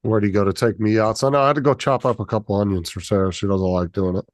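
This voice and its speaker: A man's voice: on the low side, fairly even intonation, fast talker, no room sound. A man hosting a casual livestream chat, laid-back and profane, laughing often as he reads the chat. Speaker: streamer host.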